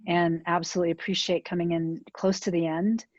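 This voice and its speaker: A woman speaking as an external committee member at an online defense, appreciative and measured. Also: lowish voice, little pitch movement, no echo. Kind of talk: giving feedback at an online defense. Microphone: video call. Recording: dull dry lo-fi call audio.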